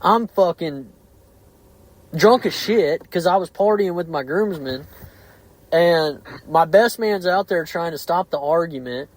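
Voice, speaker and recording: A man's voice: fairly high pitch, unhurried, low-quality recording. A man, hosting a casual podcast chat, swearing heavily and speaking bluntly and heatedly.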